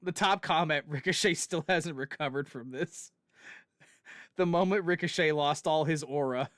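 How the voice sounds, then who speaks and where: Animated man chatting on a gaming stream. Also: fairly high pitch, normal speed, no echo, clean studio sound. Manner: animated, laughs while telling stories. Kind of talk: casual chat while playing.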